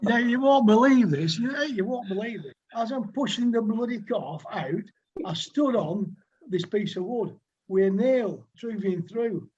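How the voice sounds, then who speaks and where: Husky-voiced Lancashire man in his sixties. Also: high-pitched, animated, a little slow, a little mellow, dull audio. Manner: rambling and chatty, with dialect words and many fillers. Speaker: podcast guest, former cricketer. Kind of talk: anecdotal storytelling.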